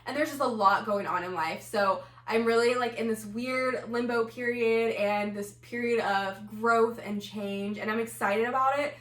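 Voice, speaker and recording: A woman's voice: fairly high pitch, moderate pace, few pauses, fairly bright tone. Chatty woman vlogging in a roomy space. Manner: chatty, lots of "like" fillers. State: a bit winded. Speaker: plant and knitting vlogger. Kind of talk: casual chat to camera. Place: home room. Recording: roomy echo, mic at a distance.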